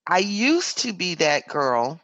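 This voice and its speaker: American woman cohost, really low voice, slow and soft, dry close sound. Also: sing-song, dry recording. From United States. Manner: soft-spoken, thoughtful, quiet affirming murmurs. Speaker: podcast co-host. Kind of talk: casual podcast chat.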